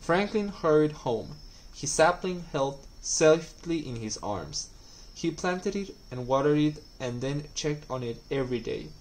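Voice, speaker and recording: A man reading a children's storybook aloud at a school, calm and clear. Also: fairly high pitch, unhurried, rough recording. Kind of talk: scripted narration.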